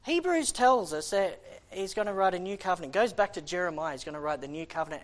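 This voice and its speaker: Impassioned male preacher with halting restarts. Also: high voice, animated. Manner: impassioned, conversational, with frequent restarts. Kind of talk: sermon.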